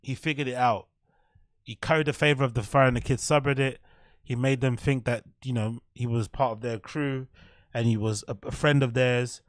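A man's voice: medium pitch, steady tone, normal speed, no room sound, clean studio sound. A man with an English accent giving casual, blunt, profane commentary as a video reviewer. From England. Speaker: YouTube reviewer.

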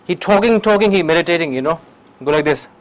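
A man's voice: on the high side, fast talker, rough recording. A man with a Tibetan accent giving a public meditation talk in broken English, telling stories and often checking in with "okay?". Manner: broken English, lively storytelling, frequent "okay?". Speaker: meditation teacher. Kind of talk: public dharma talk with questions. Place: lecture hall.

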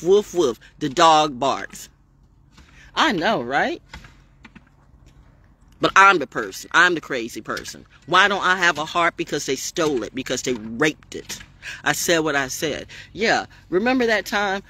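A woman's voice: deep voice, a bit bright, husky. A woman giving a rambling, defiant spiritual monologue on her vlog, streetwise and preachy, swearing freely. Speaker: spiritual vlogger.

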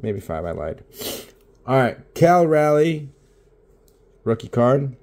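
He's a young vlogger opening baseball card packs at home, chatting casually but mumbling and cursing nonstop because he hasn't slept enough. His medium-pitched, slightly mellow voice swings widely in pitch, and he takes it slowly.

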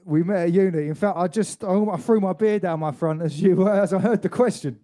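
A man's voice: high-pitched, fairly quick, dark tone. A young man, a saxophonist co-hosting a livestream, telling a story in chatty, laddish banter. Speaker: saxophonist and co-host. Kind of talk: casual livestream chat and storytelling.

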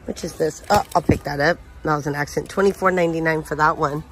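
A shopping vlogger talks fast in a deep, steady voice as she walks through a big retail store, casually reading off product labels and prices.

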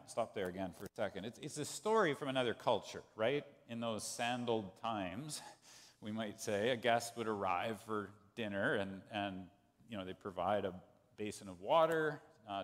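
A man preaching a sermon as pastor, telling a story in an animated way and acting out the quoted voices. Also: on the low side. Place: church sanctuary. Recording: long church hall reverb.

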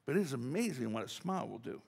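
A man's voice: medium pitch, sing-song, quick pace, gravelly, darkish tone, slightly rough. A man preaching a casual, joking sermon as pastor, talking chattily with many restarts and asides. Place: church sanctuary. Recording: church hall reverb.

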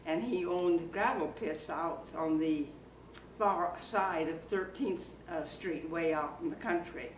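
Recorded from a distance in a roomy library community room with faint background noise, a former circus performer in her eighties from Iowa gives an oral history interview. Her voice sits on the low side as she reminisces slowly and haltingly, with fillers.

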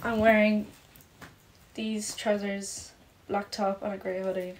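Speaking slowly with a medium, mostly level pitch, this young woman of Polish parentage, based in Ireland, reads comments on her phone livestream and frets aloud. She's chatty and self-conscious, saying "like" constantly. A little hiss or hum sits under the phone-camera audio.

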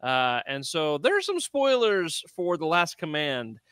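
A man co-hosting a podcast in casual chat, relaxed, laughing often and trailing off mid-sentence. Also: on the high side, unhurried, smooth, no room sound, clean studio sound. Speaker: podcast co-host.

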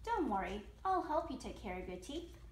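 A small, brave mouse speaks in a calm, kindly voice, as a woman reads him from a storybook. The voice sits high and echoes in the room. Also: moderate pace, far from the mic.

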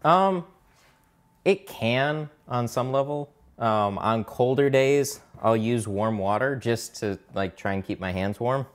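A man's voice: medium pitch, takes it slowly. A man who does mobile window tinting, chatting casually and swearing a bit on a live stream while he works and hunts for his tools. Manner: casual, profane, chatty, distracted while working. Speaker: mobile window tint installer.

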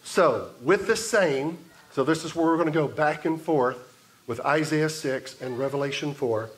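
A man preaching a sermon as pastor, in a measured way, building emphasis through repetition. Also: fairly high pitch. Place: church sanctuary.

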